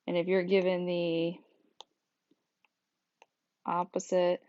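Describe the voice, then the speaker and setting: A woman's voice: fairly low pitch, monotone, takes it slowly, no echo. A woman teaching a math lesson, explaining each step patiently in a recorded screencast. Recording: dull dry lo-fi sound.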